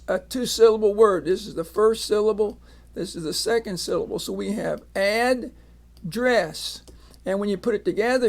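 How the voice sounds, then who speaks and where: A man's voice: sits high, creaky. A man teaching a phonics lesson, patiently sounding out words and repeating each one. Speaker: reading teacher.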